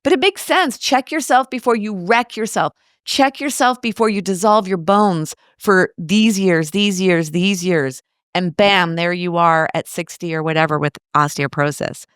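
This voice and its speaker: An American woman in her late fifties chats animatedly as a guest in a casual interview, telling stories sprinkled with rhetorical asides. Her fairly low voice is clear and resonant at a moderate pace, captured in a clean studio with no echo.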